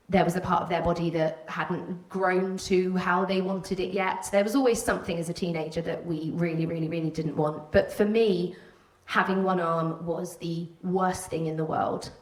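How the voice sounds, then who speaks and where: A woman's voice: fairly low pitch, unhurried. A woman with a Welsh border accent tells a candid personal story to a live audience, now and then slipping into the voices of people she remembers. Her voice carries through a roomy hall and reaches the microphone from a distance. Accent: Welsh border English. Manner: candid, animated, acts out quoted voices. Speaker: stage speaker telling a personal story. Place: stage before an audience.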